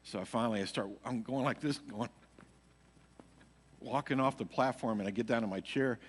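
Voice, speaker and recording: A worship leader in a church sanctuary rambles through his personal testimony, peppering it with fillers like "you know." His mid-range voice has a breathy edge and a normal pace. The live stream echoes with long hall reverb.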